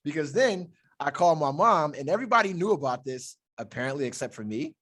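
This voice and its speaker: A man's voice: a little high, animated, quick pace, fairly bright tone. A young man hosting a podcast, telling stories in a loose, profane way and laughing often. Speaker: podcast host. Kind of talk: casual chat.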